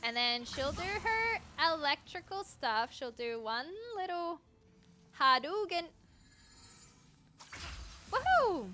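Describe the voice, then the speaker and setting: Girl streaming a game, kinda high bright voice, chatty and goofy, talks to her dog a lot. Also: animated, a little slow, hardly any pauses. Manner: chatty and playful, talking to her dog and chat. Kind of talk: live-stream gameplay commentary.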